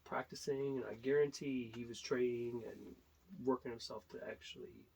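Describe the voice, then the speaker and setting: A hesitant man giving his views on a wrestling talk show. His voice is gravelly and husky. He stumbles and restarts often. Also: mid-range voice, steady tone, moderate pace, dark tone.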